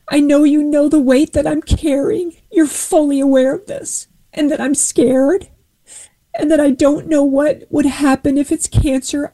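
A woman's voice: high-pitched, dark tone, low-quality recording. A woman earnestly sharing a personal faith testimony and retelling a Bible story with voiced dialogue.

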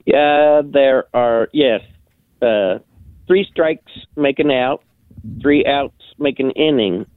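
A man's voice: medium pitch, slow pace, smooth, no echo. Male caller, tinny phone line, hesitant delivery. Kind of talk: phone call-in.

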